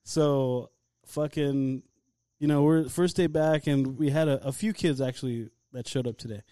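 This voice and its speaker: A man hosts a podcast and tells a story to his friends, loose and profane. His voice is warm and mellow, recorded close and dry. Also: medium pitch, moderate pace, no echo. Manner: swears often, animated anecdote telling. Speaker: podcast host. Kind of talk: casual chat.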